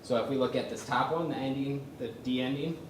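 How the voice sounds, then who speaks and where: A man presenting a workshop on chanting psalms, speaking haltingly with many fillers and humming melodies to show them. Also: mid-range voice, a little hiss or hum. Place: conference room with a live audience. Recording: roomy echo from a lecture space.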